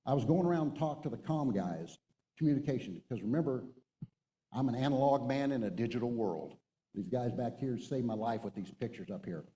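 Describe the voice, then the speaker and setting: A man's voice: medium pitch, animated, brisk, dark tone, in a large hall, poor audio. A middle-aged man, a retired Marine colonel, giving an emphatic storytelling talk from a stage to a men's group. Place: stage before an audience.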